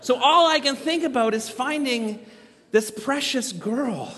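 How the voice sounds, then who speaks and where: A man in his thirties telling a story in a sermon as a pastor, animated and poking fun at himself. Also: extremely high pitch, unhurried, noisy background. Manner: animated, self-mocking humor. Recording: long reverb from a large hall.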